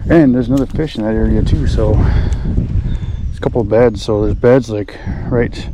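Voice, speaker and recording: A man on a boat, chatting excitedly to the camera as he fishes. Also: mid-range voice, moderate pace. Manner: excited, chatty, talks to himself while fishing. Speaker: fishing vlogger. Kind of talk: casual outdoor narration. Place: outdoors on a boat on a lake. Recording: outdoor noise, wind on the mic.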